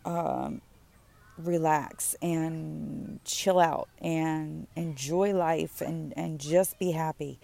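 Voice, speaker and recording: A woman hosting her own podcast, talking anxiously and haltingly with many pauses and fillers, her throat tight with stress, recorded outdoors. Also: deep voice, gravelly, a little mellow. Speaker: podcast host. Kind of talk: personal podcast monologue. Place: outdoors in the sun.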